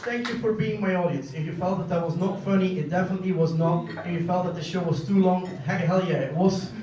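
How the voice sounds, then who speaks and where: A young man performing a one-man stage monologue, intense and confessional, swinging from quiet to shouting, recorded on a phone from the audience in a small basement venue. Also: high voice, fairly quick, very noisy. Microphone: phone filming from the audience. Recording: echoey, distant phone recording in a room.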